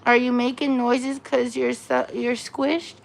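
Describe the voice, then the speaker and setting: A woman's voice: a little high, level tone, measured pace, vocal fry. A woman hosting a casual live stream from home on her phone, chatting with viewers and cooing baby talk to her dog. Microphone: phone camera.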